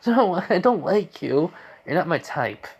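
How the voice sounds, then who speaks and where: A man voicing a shy, emotional teenage girl in a loosely improvised fan story, speaking softly in a raised, pleading tone. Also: on the high side, sing-song, unhurried, gravelly, husky, voice pushed up, full character voice. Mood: blunt.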